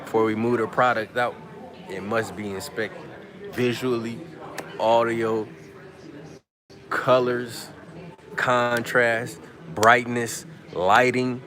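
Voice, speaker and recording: Speaking slowly and pausing often, this livestream host has a mid-range voice and a level tone, with a crowd audible behind him. He keeps the live chat with viewers relaxed and slangy from a press conference media room, reading their comments aloud.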